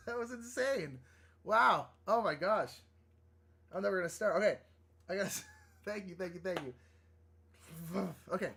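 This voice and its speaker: Husky, easily flustered male streamer. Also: high voice, a little slow, long pauses. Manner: rambling, excitable, easily flustered. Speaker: livestream artist host. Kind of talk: casual livestream chat while drawing.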